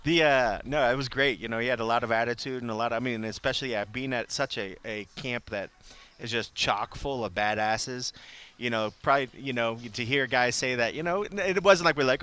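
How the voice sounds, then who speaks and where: Male podcast co-host; relaxed, easy laugh, crisp bright tone. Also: mid-range voice, a little fast. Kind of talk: casual podcast chat.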